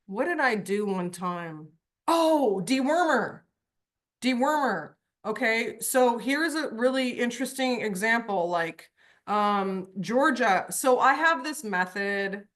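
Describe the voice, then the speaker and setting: Woman horse coach, bright, a bit high, lively storyteller on a video call. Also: slow. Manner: lively storyteller, acts out voices. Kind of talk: online group coaching call.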